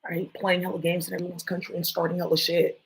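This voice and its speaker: A woman's voice: lowish voice, little pitch movement, fast, gravelly, husky, rough recording. A woman vlogger talking to her viewers in a rambling, jumpy monologue, swearing often.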